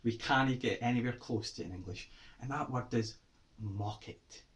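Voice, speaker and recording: A man's voice: medium pitch, a little fast. A Scottish man giving a playful lesson on Scots words to children, quizzing them with questions. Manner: lively, quizzing kids with questions.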